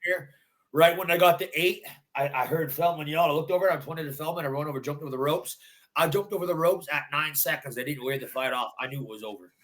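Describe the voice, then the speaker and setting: A man's voice: fairly high pitch, quick pace, a bit bright. A man, a bare-knuckle fighter, recounting his win in a post-fight interview with intense, emphatic storytelling and repeated phrases. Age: adult.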